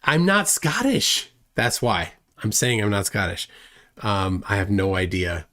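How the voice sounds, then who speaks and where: A man's voice: low-pitched, fairly even intonation, measured pace, fairly bright tone. A man hosting a casual livestream, reading viewer comments aloud and rambling with self-deprecating chuckles. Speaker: livestream host.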